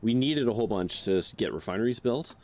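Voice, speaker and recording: Man streaming a game, low voice, animated, wisecracking and profane. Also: fast talker. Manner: joking, profane, thinking aloud. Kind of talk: casual gameplay chat.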